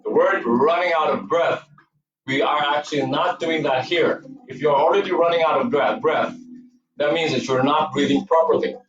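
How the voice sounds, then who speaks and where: A Cebuano-accented Filipino movement and yoga instructor talks at a normal speed in a slightly high voice. He counts, guides breathing and encourages students in a dance studio, recorded far from the mic in an echoey room with lo-fi sound.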